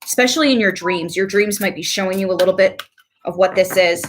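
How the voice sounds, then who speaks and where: A woman giving a casual tarot reading to her viewers, chatty and quick to laugh, with animated asides. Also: medium pitch, a little hiss or hum. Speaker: tarot reader.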